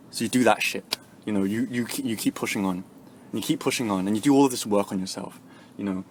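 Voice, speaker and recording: A man venting in a vlog, rambling and swearing, full of fillers, swinging from quiet musing to loud angry bursts. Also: medium pitch. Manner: rambling, profane, with constant "you know" and "right?" fillers. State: angry and frustrated. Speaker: vlogger. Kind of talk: emotional vlog rant.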